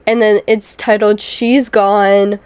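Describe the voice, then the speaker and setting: A woman's voice: mid-range voice, level tone, slow, smooth, no echo. Chatty woman gaming creator, dry sound. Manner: chatty, filler-heavy, keeps addressing viewers. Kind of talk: casual lore commentary.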